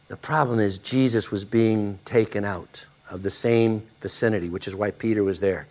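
A man's voice: fairly low pitch, a little slow. A male pastor preaching a sermon, dramatic and repeating phrases for emphasis.

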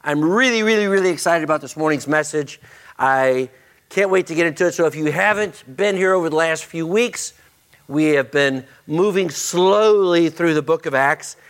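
A man's voice: a little high, normal speed. A man, a pastor making church announcements with joking banter before starting his sermon. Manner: joking, warm-hearted banter with the congregation. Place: church auditorium.

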